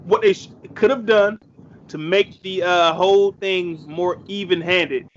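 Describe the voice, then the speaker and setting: A man's voice: high-pitched, fairly even intonation, a little slow, slight background noise. A man co-hosting a podcast in casual chat, blunt and swearing freely. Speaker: podcast co-host. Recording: dull lo-fi audio.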